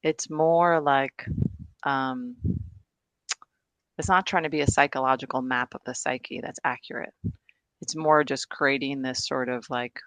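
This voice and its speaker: A woman's voice: very deep voice, fairly bright tone, no echo. Chatty woman presenter on a video call. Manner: enthusiastic, chatty, laughs often. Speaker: guest presenter. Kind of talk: casual discussion on a video call.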